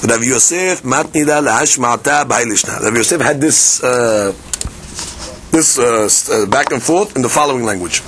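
A man's voice: mid-range voice, moderate pace, a bit bright, a little hiss or hum. A man teaching a Talmud class, acting out both sides of the argument and mixing Hebrew and Aramaic terms into his English. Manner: acts out both sides of the argument, many restarts. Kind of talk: lively Talmud class, reasoning aloud.

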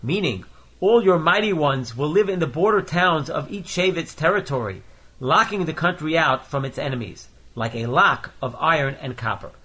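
Bright-voiced man teaching Torah. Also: a little high, expressive, moderate pace, slightly rough. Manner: reads each Hebrew phrase then explains it in English. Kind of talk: Torah lesson, reading Hebrew verses and translating line by line.

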